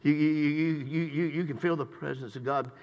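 An older man preaching a sermon in a church. He swings between shouted praise and low, conversational asides. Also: fairly even intonation, normal speed, dull audio. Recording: long reverb in a church hall.

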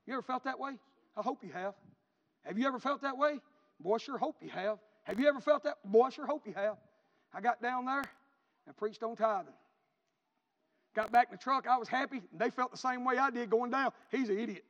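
High-voiced fervent preacher. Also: male voice, fairly quick, pauses often, a bit bright. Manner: fervent, repetitive storytelling preacher. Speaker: pastor. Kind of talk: sermon. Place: church sanctuary. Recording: dull lo-fi recording with long church reverb.

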